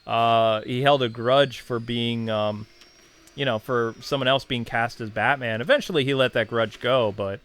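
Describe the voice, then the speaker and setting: A man's voice: medium pitch, fairly even intonation, moderate pace, fairly bright tone. A man in his thirties, a channel host, casually reminiscing in a chatty, digressive way with many asides.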